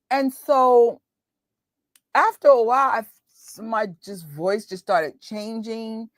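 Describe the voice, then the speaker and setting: A woman's voice: high-pitched, moderate pace, no echo, clean studio sound. A woman with a New York accent, chatting casually and laughing with viewers as host of a movie watch party. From New York, USA. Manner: chatty, laughing, quotes voices. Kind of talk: casual chat with live viewers.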